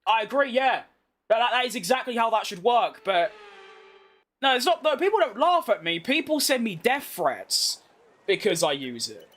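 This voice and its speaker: A man with a London accent streaming a racing game, chatting with viewers and yelling excitedly at the race. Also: very high voice, moderate pace. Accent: London English. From London, England. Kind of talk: live gameplay commentary and chat.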